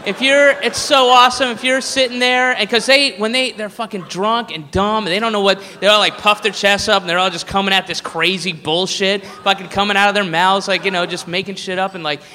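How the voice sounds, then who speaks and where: Profane rambling stand-up comedian. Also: male voice, sits high, fairly even intonation, a little fast, few pauses, bright, forceful tone. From American South. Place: live comedy venue. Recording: live hall reverb with faint noise.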